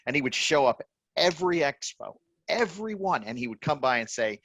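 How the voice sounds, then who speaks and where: A man's voice: on the high side, big pitch swings, a little fast, fairly bright tone, no room sound. Fifties male guest with a blunt, salty storytelling manner; dry, close recording. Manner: blunt, profane, laughing storyteller. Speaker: reptile breeder guest. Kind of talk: casual storytelling.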